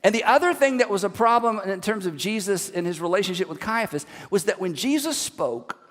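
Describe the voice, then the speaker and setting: A man preaching a sermon as a pastor, telling the story in an animated way with emphatic repetition. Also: sits high, brisk, long reverb tail.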